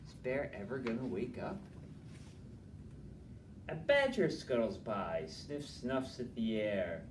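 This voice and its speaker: A man reading a picture book aloud to children at a library, gentle and chatty, with side remarks to his young listeners. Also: on the low side, expressive, background noise. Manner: slow, gentle and chatty, adding asides to children. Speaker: library storyteller. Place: library room. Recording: echoey room, mic from a distance.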